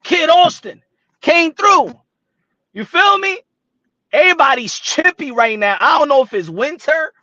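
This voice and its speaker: A man from Brooklyn chatting about boxing, loose and full of slang, switching into Spanish now and then. His voice sits high and bright. The recording is dry and a little dull. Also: lively intonation, unhurried, no room sound. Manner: streetwise slang, mixes in Spanish phrases, laughs often. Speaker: boxing show host. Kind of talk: casual boxing talk.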